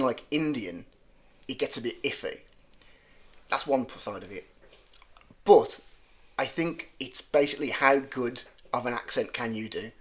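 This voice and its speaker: A man with a strong Brummie accent, a guest comedian rambling and joking through a casual podcast chat and often correcting himself mid-sentence. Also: mid-range voice. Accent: Birmingham (Brummie).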